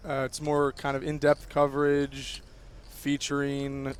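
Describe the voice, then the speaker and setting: A young man in his twenties, a guest on a poker stream, talking eagerly with many pauses and fillers. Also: mid-range voice, monotone, clear, resonant tone. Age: 20s. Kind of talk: casual interview chat.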